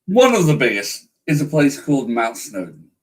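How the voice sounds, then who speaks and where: A speaker, chatting casually and wandering through an anecdote with frequent self-corrections. Their pitch swings dramatically up and down, and they sound set back from the microphone. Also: sing-song, moderate pace, recorded from a distance, low-quality recording. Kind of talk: casual chat. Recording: voice from away from the mic.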